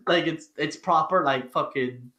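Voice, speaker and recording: A man's voice: a little high, a little slow, pushed and bright. A man hosting a podcast, telling rambling stories with lots of swearing and laughter. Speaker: podcast host. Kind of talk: casual chat. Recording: roomy echo.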